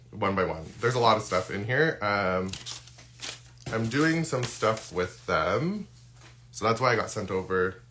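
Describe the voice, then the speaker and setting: A man's voice: mid-range voice, bright, forceful tone, a little hiss or hum. A man who is losing his voice, chatting casually through a live unboxing with lots of ums and restarts. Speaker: skincare content creator. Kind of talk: live-stream unboxing chat.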